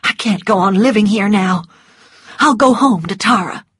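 A woman voicing a passionate, willful young Southern belle in an audiobook reading, with high, breathless pleading. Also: moderate pace, a bit bright, husky, dry recording, studio quality. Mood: anguished.

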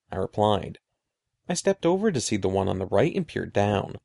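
A male narrator reads a spooky children's story with expressive, suspenseful delivery. His voice is mellow with a gravelly texture, and his pitch moves freely across phrases. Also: moderate pace, dry recording, studio quality. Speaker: audiobook narrator.

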